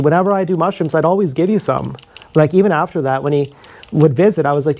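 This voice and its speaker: A man's voice: fairly high pitch, fairly quick, darkish tone. Rambling, profane man on a stream. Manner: loose, profane, full of fillers and restarts. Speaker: live streamer. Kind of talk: rambling casual storytelling. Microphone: streaming camera mic.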